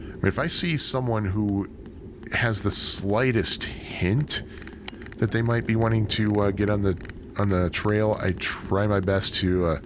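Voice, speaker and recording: A man with a deep, low voice chats as he rides through city streets, drifting into rambling, self-deprecating asides. He is recorded on an action camera out in the open, with loud wind and traffic noise behind him. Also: unhurried. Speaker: cycling vlogger. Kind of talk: casual narration while riding a bike. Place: outdoors on a city bike trail and streets. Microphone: bike- or body-mounted action camera.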